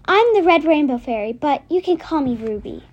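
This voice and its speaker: A woman's voice: high voice, big pitch swings, fairly quick, lo-fi sound. A woman voicing a tiny, brave female fairy in a children's story, urgent and eager.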